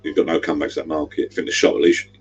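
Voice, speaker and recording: Deep husky bloke rambling on his livestream, middle-aged. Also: level tone, very fast, muffled recording. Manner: rambling, chatty, gives directions. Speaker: livestream host. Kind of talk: casual livestream chat.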